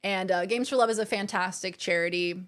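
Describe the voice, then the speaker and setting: A woman's voice: mid-range voice, fairly quick, a bit bright. A woman streamer chatting casually on a live stream, thanking her viewers over and over, with lots of fillers and repeats.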